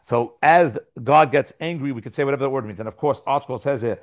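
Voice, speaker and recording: A man giving a Talmud class lecture, explaining lively, posing and answering his own questions and reading passages aloud. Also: medium pitch, fast. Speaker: Talmud teacher.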